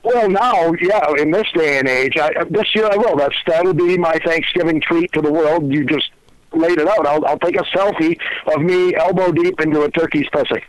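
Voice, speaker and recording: A man, a regular guest on the show, bantering crudely in a deadpan casual way. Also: fairly high pitch, normal speed, no room sound, poor audio. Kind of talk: casual chat.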